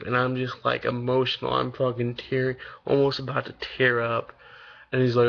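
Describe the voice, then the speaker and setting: Gravelly eighteen-year-old man rambling casually. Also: mid-range voice, monotone, moderate pace, lo-fi sound. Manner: rambling, loose and profane, many fillers. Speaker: vlogger. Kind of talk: casual vlog storytelling.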